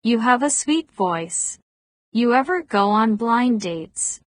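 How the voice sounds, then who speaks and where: A woman voicing a teasing Deep South woman with a smoky voice in an audiobook, speaking slowly. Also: lively intonation.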